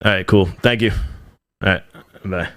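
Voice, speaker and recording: A man's voice: deep voice, moderate pace, a bit bright. A man hosting his own livestream show, talking casually and ranting in an irritated, exasperated way, swearing now and then. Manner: angry, exasperated, swears freely.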